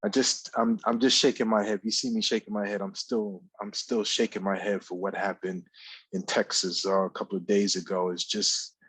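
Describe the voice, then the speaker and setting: A man's voice: lowish voice, level tone, moderate pace, a bit bright, breathy edge, no room sound, low-quality recording. A man co-hosting a live talk show, speaking in a rambling way with many fillers and repeated phrases. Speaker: radio show co-host. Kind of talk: casual talk radio commentary. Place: office.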